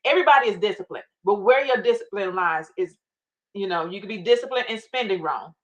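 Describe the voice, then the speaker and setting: Brief: middle-aged woman, guest on a faith talk, emphatic storyteller, mid pitch. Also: lively intonation, brisk, dull audio. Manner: emphatic storytelling, acting out her own past prayers. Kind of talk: faith-based interview talk.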